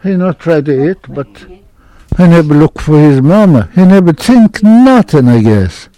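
An older man telling an oral history hunting story in halting, broken English, with many restarts. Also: on the high side, lively intonation, dark tone, poor audio. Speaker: interviewee.

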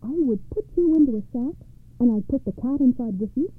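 A woman's voice: high voice, animated, fairly quick, dry recording. A woman reading the part of a clever, bold young girl in a fairy tale, speaking defiantly. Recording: tinny phone-like audio.

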